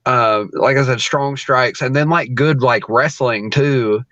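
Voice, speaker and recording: Guesting on a podcast, a male wrestler rambles through a casual story, full of fillers and frequent laughter. He speaks at medium pitch and a measured pace with a sharp tone; the recording is dry and muffled.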